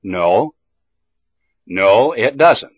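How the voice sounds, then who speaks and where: A man reading a scripted language drill slowly, with careful, deliberate enunciation. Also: on the low side, animated, breathy edge, no room sound. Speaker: language teacher. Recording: dull lo-fi old tape recording.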